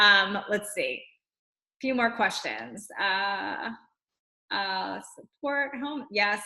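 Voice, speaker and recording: A woman's voice: mid-range voice, animated, very slow, pushed and bright, rough recording. A woman fitness coach chatting casually on a live stream, reading out viewer comments and answering them in a loose, talky way.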